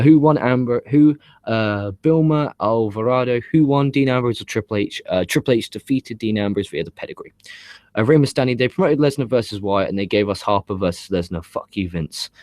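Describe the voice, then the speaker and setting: A man with a fairly low voice rants through a wrestling review, swearing freely and hammering his points through repetition. The sound is close and dry, with no room around it. He shifts between relaxed chat and heated complaint. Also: brisk, no echo. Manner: ranting, profane, emphatic and repetitive. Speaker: wrestling show reviewer and host. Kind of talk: casual opinionated review with live comments.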